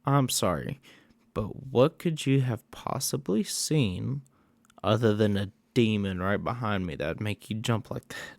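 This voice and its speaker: A man's voice: fairly low pitch, expressive, unhurried, vocal fry, no room sound. A man voicing a panicky young woman from a horror film, apologizing over and over in a flustered way.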